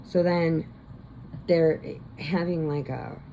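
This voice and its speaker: Woman, low gravelly voice, mellow dark tone, rambling casual chat, faint background noise. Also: slow. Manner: rambling, chatty, laughs often. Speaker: vlogger. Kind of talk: casual movie recap.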